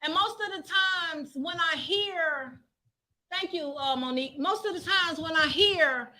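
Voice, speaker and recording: Woman preacher, sermon, very high voice, fervent shouted praise, repetitive. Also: a little slow.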